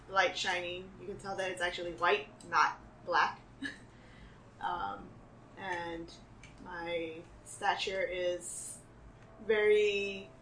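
A woman's voice: medium pitch, a bit bright. A woman playing a tabletop role-playing game, describing her character's actions casually with frequent laughs and fillers. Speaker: player. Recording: echoey room, distant mic, faint hiss.

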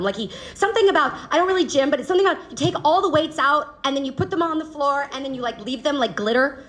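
A woman's voice: sits high, expressive, fast talker, few pauses, fairly bright tone. A woman telling a personal story on stage to a live audience, laughing often and swearing casually. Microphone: handheld microphone. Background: faint audience.

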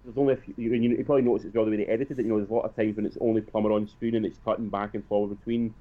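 A man co-hosting a casual film review chat, talking quickly and repeating words as he restarts. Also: on the low side, little pitch movement. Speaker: podcast co-host. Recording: tinny phone-like line.

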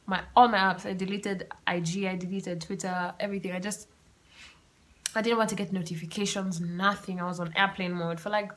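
A young woman, hosting a podcast and telling a personal story in a chatty, animated way with asides and laughter. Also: mid-range voice, fairly quick. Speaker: podcast host. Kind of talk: casual storytelling monologue. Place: home room with open windows.

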